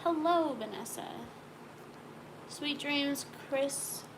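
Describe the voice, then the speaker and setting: A woman's voice: high voice, slow, background noise. A young woman co-hosting a casual live stream, chatting sleepily and reading viewer comments aloud.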